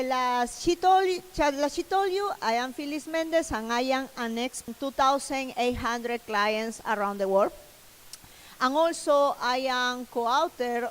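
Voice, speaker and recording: A woman's voice: sits high, in a large hall, low-quality recording. Spanish-accented woman giving a motivational talk. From Latin America. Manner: earnest, repeats herself, broken English. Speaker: keynote speaker. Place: large event hall.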